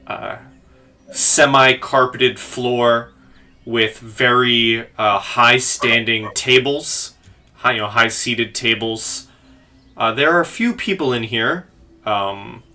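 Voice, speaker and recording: Slow, bright-voiced man as game master. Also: medium pitch. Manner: slow, hesitant, many fillers. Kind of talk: narrating a tabletop game.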